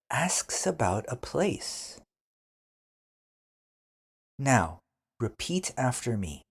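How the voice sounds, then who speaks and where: A man hosting a beginner English lesson podcast, speaking deliberately and repeating each phrase clearly for learners. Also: medium pitch, big pitch swings. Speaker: English teacher, podcast host.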